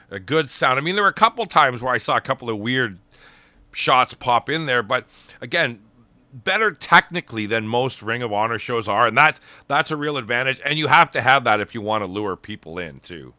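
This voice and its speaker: Middle-aged male co-host, eager casual reviewer, bright crisp tone. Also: mid-range voice, animated, fairly quick, dry recording. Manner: enthusiastic, retells promos in quoted voices. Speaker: podcast co-host. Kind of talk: casual wrestling review chat.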